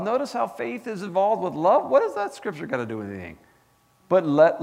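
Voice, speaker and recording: Animated man preaching in a church hall. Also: on the high side, normal speed, gravelly. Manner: animated, asks the congregation questions. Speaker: pastor. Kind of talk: sermon.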